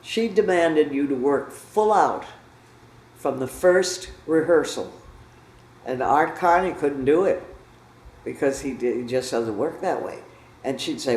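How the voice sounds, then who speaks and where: An older actor in his eighties reminisces in a matter-of-fact, wry way. His voice sits a little high. The room adds a noticeable echo. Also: animated, a little slow. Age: 80s. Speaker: veteran actor. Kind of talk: reminiscing interview.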